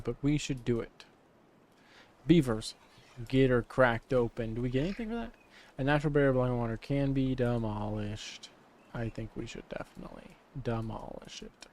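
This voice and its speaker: Dude rambling thru a city builder, silly and mock-grandiose, normal pitch, close desk mic. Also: male voice, expressive, normal speed, darkish tone. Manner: goofy, rambling, playfully grandiose self-talk. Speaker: gaming channel host. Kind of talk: casual let's-play commentary. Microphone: studio desk microphone.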